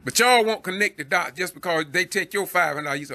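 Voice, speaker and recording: A man's voice: high voice, lively intonation, quick pace, hardly any pauses, sharp tone. A man from Georgia with a Southern accent, hosting a Facebook Live commentary in a preachy, exhorting way, laughing in exasperation. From Georgia, USA. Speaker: citizen news host.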